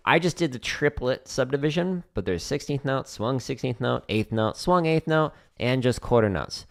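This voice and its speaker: A man's voice: mid-range voice, normal speed, vocal fry. Laid-back man teaching drums on a stream. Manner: relaxed, laughs often, hums drum patterns. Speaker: drumming teacher streaming practice. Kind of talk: casual livestream Q&A while practicing. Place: home studio with drums.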